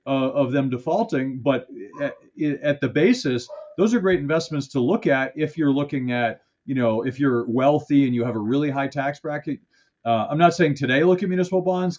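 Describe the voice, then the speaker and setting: A man's voice: medium pitch, a little mellow. A man co-hosting a finance podcast, making his points emphatically and repeating them in a ranting way. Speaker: podcast co-host. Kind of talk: casual podcast chat about money. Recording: dull lo-fi podcast audio.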